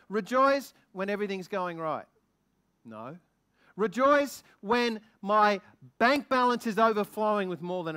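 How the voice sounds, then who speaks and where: A man preaching a sermon as a guest minister, excitable and lively, asking the congregation many questions. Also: sits high, clear, resonant tone. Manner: excitable, quickens when stirred.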